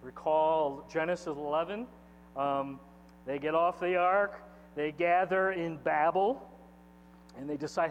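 A man preaching a sermon as pastor, opening with a prayer and building to loud, impassioned peaks. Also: a little high, unhurried, pauses often. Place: church sanctuary. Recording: faint mains hum, long church reverb.

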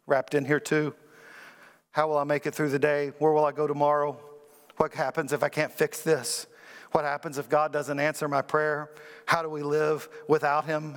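A man preaching a sermon, calling on the congregation to repeat words after him and speaking with rising emphasis. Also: long reverb tail. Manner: preaching with call-and-response, rising emphatic pitch. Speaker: pastor.

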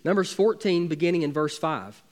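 A man's voice: on the high side, moderate pace, a little mellow. A man, preaching a sermon as pastor with emphatic, building intensity.

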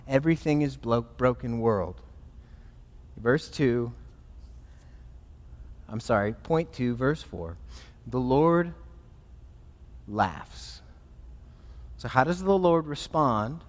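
A man, a pastor, preaching a sermon in an animated, emphatic way. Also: medium pitch, long reverb tail.

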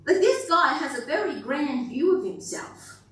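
A woman's voice: high-pitched, sing-song, a little slow, slight background noise. A woman pastor giving a sermon to a congregation in a conversational, playful way, often putting questions to the room. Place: church hall with a congregation. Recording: very echoey hall, distant mic.

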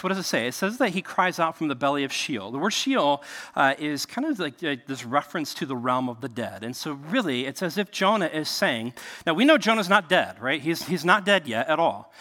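A man with a somewhat high, sharp voice preaches a sermon, sounding conversational and asking many rhetorical questions. Though he's in a cramped enclosed space, the audio has a big-room sound. He is a pastor.

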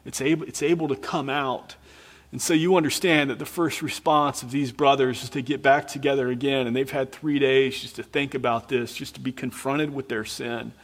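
A man's voice: medium pitch, fairly even intonation, moderate pace, big-room sound. A man preacher in earnest, dramatic storytelling mode, retelling a scripture scene with emphatic repetition.

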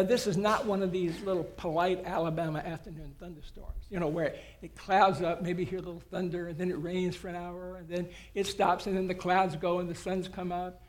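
A man's voice: high voice, darkish tone. A man preaching a sermon as a guest preacher, telling the story in a folksy, humorous way.

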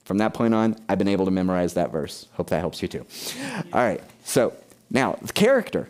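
Emphatic preaching man, low voice. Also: lively intonation, fairly quick, a little mellow. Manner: emphatic preaching, questions to the congregation. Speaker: pastor. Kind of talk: sermon.

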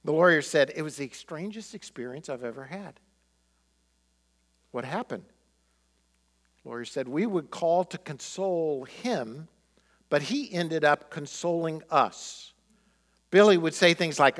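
Man preaching with a lively, higher voice. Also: measured pace. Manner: animated storyteller acting out quotes. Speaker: pastor. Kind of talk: sermon storytelling.

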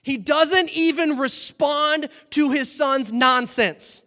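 Male preacher, high voice, animated storytelling sermon, long hall reverb. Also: slow. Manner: animated storytelling, acting out scenes.

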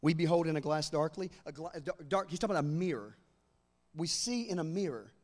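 A man preaching a sermon, moving between fervent shouted proclamation and quieter conversational teaching. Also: a little high, lively intonation, fast talker, in a large hall.

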